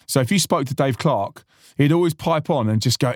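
Speaking in a medium-pitched voice with lively intonation and a brisk pace, this podcast host, also a musician, drifts through a relaxed, sincere, reflective chat full of restarts. The studio sound is clean with no echo.

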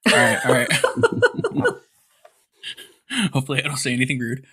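A man co-hosting a casual podcast, animated and quick to laugh at himself. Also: medium pitch, husky. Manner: animated, laughs often, self-mocking. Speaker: podcast co-host. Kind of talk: casual chat.

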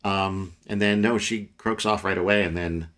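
A man in casual conversation about a movie, animated and laughing as he acts out characters' lines. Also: low voice, normal speed, a crowd in the background. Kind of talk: casual film discussion.

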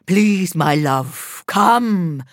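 A woman voicing an older reclusive man in a wheelchair, speaking slowly and solemnly in a story reading. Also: on the low side, expressive, no room sound, clean studio sound. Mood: pleading.

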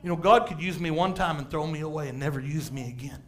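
A middle-aged man preaching a sermon as pastor, animated, laughing and acting out quotes from people. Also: fairly high pitch, fast talker.

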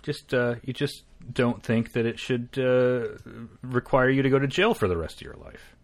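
A man's voice: mid-range voice, moderate pace. A man hosting a podcast, telling stories in a wry, casual way with offhand swearing. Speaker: podcast host. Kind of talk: casual chat.

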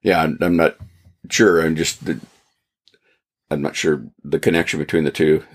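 A man's voice: rumbling low, fairly even intonation, normal speed, slightly rough. A man in a casual theological conversation, thinking aloud and often murmuring agreement.

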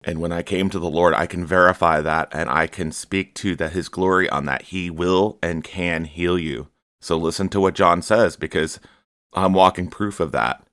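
A man's voice: low-pitched, steady tone, normal speed, fairly bright tone, no room sound, clean studio sound. A man on a podcast sharing his personal testimony with emphatic, fervent interjections. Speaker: podcast co-host.

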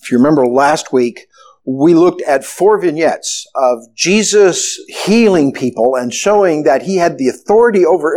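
A pastor delivers a sermon in a relaxed, conversational way. His voice sits high for a man, and he often piles up rhetorical questions to draw his listeners in.

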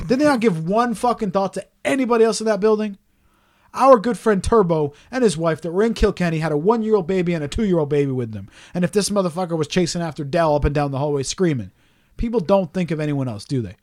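A man's voice: high voice, quick pace, darkish tone, no room sound, clean studio sound. A man telling a long story on a casual podcast chat, swearing often and ranting in exasperation.

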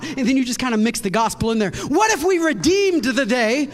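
Male pastor, very high voice, energetic sermon with shouts, reverberant church hall. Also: brisk, hardly any pauses. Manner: energetic, repeats words and restarts, bursts into shouts.

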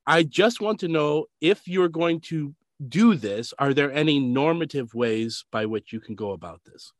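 Lively, higher-voiced man co-hosting a podcast. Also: moderate pace, dry recording. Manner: lively, laughs easily. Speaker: podcast co-host reading listener questions. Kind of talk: casual podcast chat.

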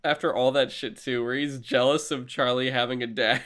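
A man chatting casually, eager and quick to laugh, with casual swearing. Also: mid-range voice, fairly even intonation, a bit bright. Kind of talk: casual chat.

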